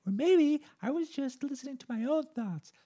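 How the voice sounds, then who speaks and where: A man putting on a mocking falsetto to play a combative woman nurse who screams back at him. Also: lively intonation, normal speed, mellow. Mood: screaming.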